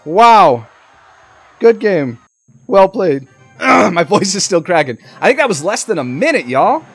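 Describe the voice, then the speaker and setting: Man, high and very lively voice, excitable play-by-play gaming commentary, faint game music under it. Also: normal speed, breathy edge. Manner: excitable, talks to the game and viewers. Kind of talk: live gameplay commentary.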